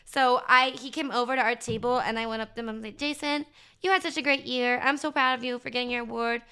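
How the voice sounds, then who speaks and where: A woman's voice: on the high side, fairly even intonation, fast, sharp tone, clean tone. A woman streamer chatting casually to her viewers, gushing and rambling with lots of filler words. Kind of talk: casual livestream chat recap.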